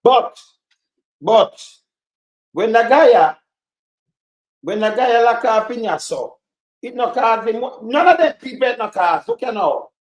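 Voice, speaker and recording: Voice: mid-range voice, big pitch swings, a little slow, long pauses, highs cut off. Indignant Jamaican voice in an echoey space. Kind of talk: street complaint to camera.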